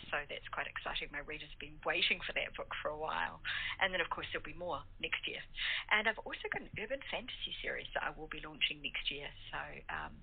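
Brief: New Zealand woman, lowish husky voice, bubbly author guest, laughs a lot, tinny phone-line sound. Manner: enthusiastic, laughs often, many fillers. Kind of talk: casual interview chat.

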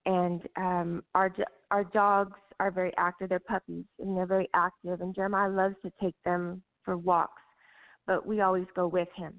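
A middle-aged woman tells an emotional personal story, halting and full of fillers and restarts. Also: fairly low pitch. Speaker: guest recounting a personal story. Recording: tinny phone-line audio.

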